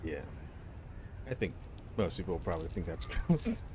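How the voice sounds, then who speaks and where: A man's voice: low-pitched, very animated, normal speed, noisy background. Playful man streaming a game. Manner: playful, chatty, silly sound effects and goofy voices. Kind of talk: casual gameplay commentary.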